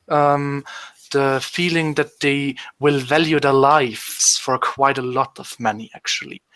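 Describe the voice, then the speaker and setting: Man player with a bright, dry voice. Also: fairly high pitch, no room sound, rough recording. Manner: hesitant, many fillers, half in character. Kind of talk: tabletop role-play.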